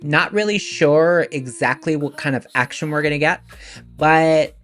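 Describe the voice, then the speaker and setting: A man using a pitched-up filtered voice. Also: unhurried, fairly bright tone, faint music behind. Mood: relaxed. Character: stream host with a pitched-up voice. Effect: voice changer raising his voice.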